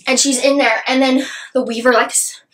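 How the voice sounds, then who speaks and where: A woman's voice: high voice, steady tone, normal speed, a bit bright, poor audio. A woman gushing about a book she loved in a casual, rambling review, full of "like" and asides.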